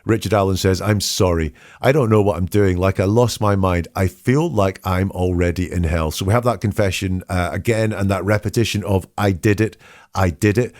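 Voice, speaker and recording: A man hosting a podcast, analysing statements in a measured, questioning way and reading quotes aloud. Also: low-pitched, darkish tone, dry recording, clean studio sound. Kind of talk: analytical commentary.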